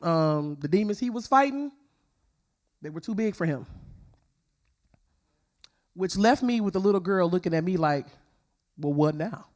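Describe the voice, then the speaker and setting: A woman's voice: fairly low pitch, animated, moderate pace, long pauses, a little mellow. A woman speaking at a church women's conference, giving a personal testimony in an emphatic, informal storytelling way.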